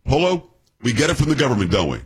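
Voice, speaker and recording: A man's voice: mid-range voice, sing-song, fast, slightly rough. A man in his sixties hosting a political talk radio show, blunt and sarcastic, quizzing his co-hosts and ranting at the news.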